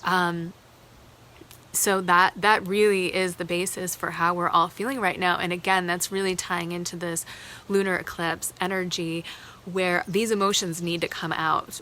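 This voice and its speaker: A woman's voice: on the low side, flat delivery, moderate pace, pushed and bright. A woman hosting a live tarot card reading, speaking earnestly and emotionally, thinking aloud with fillers.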